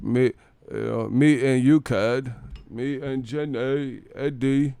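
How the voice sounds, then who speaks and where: A man mimicking a slow, dreamy heavyweight boxer. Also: mid-range voice, fairly even intonation, gravelly, mellow, clear, resonant tone, dry recording. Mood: dopey.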